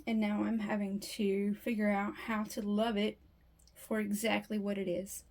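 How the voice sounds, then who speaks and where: A woman vlogs casually from her home workspace, chatting and thinking aloud while working on a resin piece and often breaking off mid-sentence. Her medium-pitched voice is darkish in tone and unhurried, with little pitch movement, on a low-quality recording.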